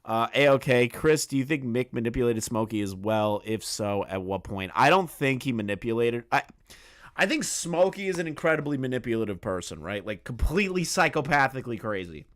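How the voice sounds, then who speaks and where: This commentary channel host has a medium-pitched, animated voice and talks a little fast. Reacting to drama, he's blunt and swears a lot, often restarting his sentences.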